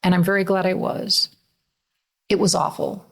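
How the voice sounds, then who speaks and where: A middle-aged mother co-hosting a podcast speaks earnestly and emotionally in a conversational way, laughing through tears. Her voice is fairly low and gravelly, with a level tone at a moderate pace.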